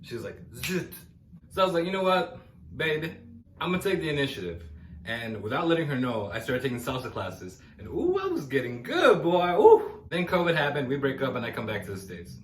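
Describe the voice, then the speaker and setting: A man's voice: mid-range voice, fairly quick, a little hiss or hum. A young man from Los Angeles doing a stand-up set, telling stories and acting out the voices in them. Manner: animated storytelling, acting out quoted voices. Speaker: stand-up comedian. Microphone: no microphone, camera mic. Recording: roomy echo, faint ambience, no microphone.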